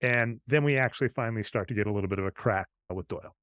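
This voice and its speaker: A man's voice: lowish voice, fast, a bit bright, no room sound. A man co-hosting a podcast, casually retelling film scenes and quoting the characters' lines. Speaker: podcast co-host. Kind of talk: casual chat recapping a film.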